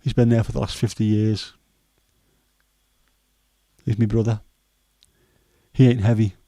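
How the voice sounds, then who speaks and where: A hoarse man in his fifties with a Scouse accent, chatting loosely on a livestream and wandering between jokes with plenty of ums. His voice is low and mellow, recorded dry and close. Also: little pitch movement, unhurried, dry recording. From Liverpool, England. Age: 50s. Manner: rambling, jokey, many fillers. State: hoarse throat. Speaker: livestream host. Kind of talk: casual chat.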